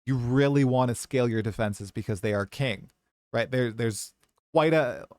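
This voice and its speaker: A man's voice: medium pitch, moderate pace, a little mellow, no echo. A man hosting a casual gaming podcast, chatty and hedging as he explains things at length. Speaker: podcast host.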